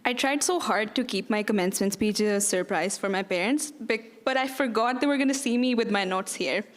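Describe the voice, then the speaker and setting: Earnest young woman giving a commencement speech. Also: fairly high pitch. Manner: earnest and grateful, with light laughs. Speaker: student commencement speaker.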